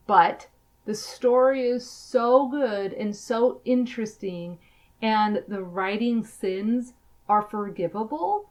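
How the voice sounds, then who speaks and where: A woman co-hosting a podcast in casual chat, emphatic and quick to laugh. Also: fairly high pitch. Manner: chatty, laughs often, emphatic. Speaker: podcast co-host.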